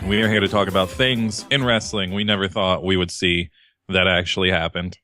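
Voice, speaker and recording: A man's voice: deep voice, little pitch movement, a little fast, pushed and bright, faint music behind. A man co-hosting a podcast in casual chat, ranting in a profane, exasperated way. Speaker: podcast co-host.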